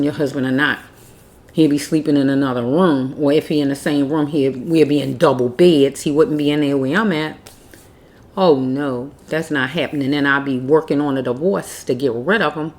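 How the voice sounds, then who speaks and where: A woman's voice: very deep voice, fairly even intonation, moderate pace. A woman giving a casual tarot reading, blunt and preachy, repeating herself as she scolds. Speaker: tarot reader.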